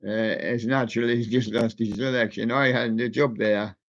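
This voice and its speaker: A man hosting a casual radio show, chatting playfully with the soft toys in his studio. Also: mid-range voice, fairly even intonation, moderate pace. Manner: chatty, playful, talks to soft toys and does their voices. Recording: dull lo-fi sound.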